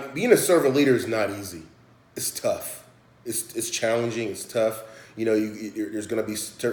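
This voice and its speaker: A man with a fairly low voice gives a recorded presentation, earnest and halting, often restarting his sentences. His voice rings around an echoey hotel room. The delivery stays sincere and unpolished. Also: a little mellow.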